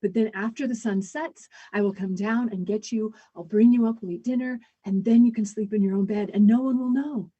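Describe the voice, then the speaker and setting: Woman doing a calm devoted son, slow, soothing, folk tale, warm husky voice. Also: mid-range voice, no echo, dull audio, natural voice. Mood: reassuring. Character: gentle devoted young man, calm son.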